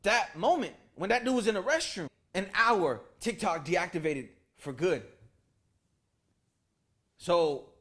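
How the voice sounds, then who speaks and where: A man's voice: sits high, slow, pauses often. A man telling a story straight to camera at home, casual and full of swearing, acting out the voices of the people in it. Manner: animated, swears a lot, acts out voices of people in his story. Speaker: storytime vlogger. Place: at home, indoor room with lights rigged. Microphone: camera mic.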